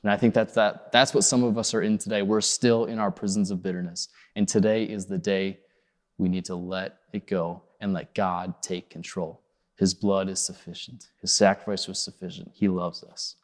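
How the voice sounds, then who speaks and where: A man preaching a sermon in an earnest, pleading way, rising in urgency and then sinking soft and low. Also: flat delivery, moderate pace, long reverb tail. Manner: earnest, pleading, rises high on acted quotes then drops soft. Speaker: pastor.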